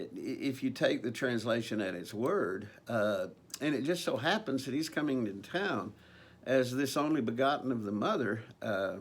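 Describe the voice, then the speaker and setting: A man preaching a conversational sermon, earnest and unscripted, with frequent ums and restarts. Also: medium pitch. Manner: earnest, conversational, with many ums and repeated phrases.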